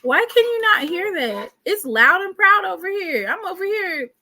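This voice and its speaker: Animated, bright-voiced woman podcast host. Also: very high voice, moderate pace. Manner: animated, exclaiming, joking with viewers. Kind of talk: casual livestream chat.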